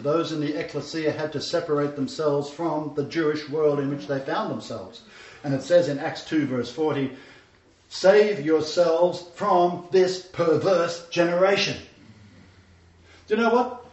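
A man's voice: fairly high pitch, slight background noise. A man preaching a sermon, telling stories earnestly and repeating key phrases for emphasis. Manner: earnest, storytelling, emphatic repetition. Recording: echoey room, distant mic, dull lo-fi sound.

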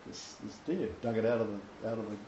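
Man, informal preacher, lively emphatic delivery, faint room ambience, lo-fi roomy recording. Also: lowish voice, brisk, a little hiss or hum. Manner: animated, emphatic scripture quoting with restarts. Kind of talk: informal home-group sermon.

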